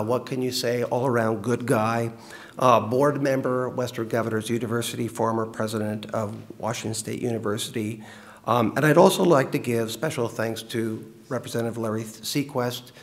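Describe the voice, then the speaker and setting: A man's voice: medium pitch, creaky. Man speaking with a fading voice. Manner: halting, thankful, with many fillers. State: losing his voice. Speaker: state senator giving a speech. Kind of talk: public speech.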